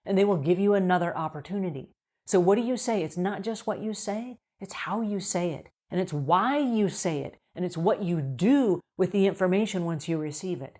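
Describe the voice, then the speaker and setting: A woman's voice: mid-range voice, normal speed. A middle-aged woman coaching house cleaners in an upbeat advice video, acting out quoted conversations with customers. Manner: upbeat, acts out quoted dialogue in lively voices. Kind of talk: advice video talking to camera.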